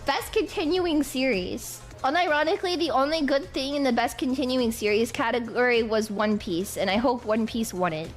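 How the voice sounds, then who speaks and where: High-voiced woman with music behind her. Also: moderate pace, hardly any pauses. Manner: jokey, self-mocking, stammering restarts. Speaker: video creator. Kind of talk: comedic video commentary.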